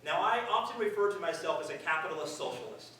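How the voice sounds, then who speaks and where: A man's voice: a little high, expressive, fast talker, bright, forceful tone. A middle-aged man with a slightly raised voice gives a speech in a large hall, conversational and earnest with flashes of dry, self-mocking humor. The mic sits well away from him, so the room's heavy echo rings around every phrase. Faint noise runs underneath. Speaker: event speaker. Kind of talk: public speech to an audience. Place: large hall at a live event. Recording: very echoey hall, distant mic.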